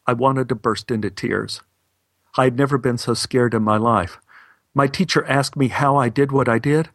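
A man from Texas recounts a personal story in a wry, matter-of-fact way. His voice sits at a middle pitch. The recording is close and dry. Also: steady tone, moderate pace, no echo. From Texas, USA.

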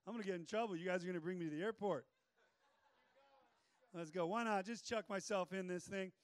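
A male pastor preaching a sermon in an energetic, joking way with playful asides. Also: sits high, fairly quick, clear, resonant tone, no echo.

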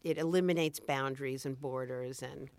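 Brief: middle-aged woman guest, low voice, relaxed and thoughtful, dry close sound. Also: normal speed, no room sound. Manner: thoughtful, restarts often, easygoing. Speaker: podcast guest, food blogger. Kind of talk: casual chat.

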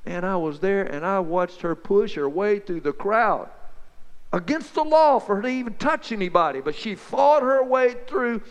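A man telling Bible stories as a folksy, excited back-and-forth chat between two friends. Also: high voice, moderate pace, long reverb tail. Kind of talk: two-voice dramatized Bible storytelling.

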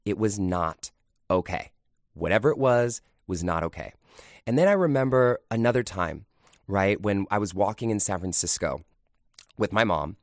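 A man's voice: on the low side, a bit bright, no room sound, studio quality. A man hosting a podcast, telling a personal story in a candid, confiding, conversational way. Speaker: podcast host.

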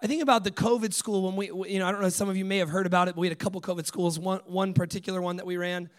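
A man preaching a sermon, telling stories with lively acted-out dialogue, dropping to hushed lines and rising to loud bursts. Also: high-pitched, very fast. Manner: animated storytelling, acts out dialogue, swings from hushed to loud.

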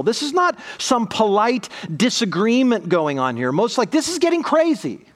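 A middle-aged pastor preaching a sermon with emphatic, repeating bursts of speech. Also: male voice, very high-pitched, sing-song, moderate pace, hardly any pauses.

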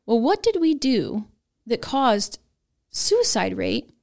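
A woman's voice: fairly high pitch, sing-song, takes it slowly, creaky, darkish tone. Woman, podcast guest, emphatic, earnest, conversational. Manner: earnest, emphatic, rising to stress points. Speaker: nurse guest, advocacy founder.

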